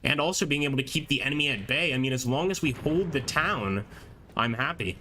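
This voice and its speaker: A man giving chatty, excited live commentary on a strategy war game, reading chat aloud and laughing often. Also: mid-range voice, brisk, slight background noise. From American. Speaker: gameplay streamer.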